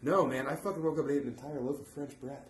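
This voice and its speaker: A man's voice: mid-range voice, steady tone, quick pace. A man co-hosting a casual podcast, joking crudely and laughing often. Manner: loose, crude and laughing, with sudden bursts of loud delivery. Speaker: podcast co-host. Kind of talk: casual joking chat among friends. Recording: echoey room with faint hiss.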